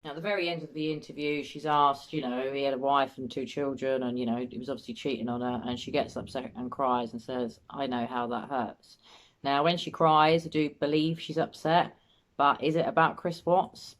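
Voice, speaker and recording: Low-voiced woman giving sceptical commentary. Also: fairly even intonation, fairly quick. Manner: doubtful, musing, often repeats herself. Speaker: host, body language commentator. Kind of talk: analytical commentary.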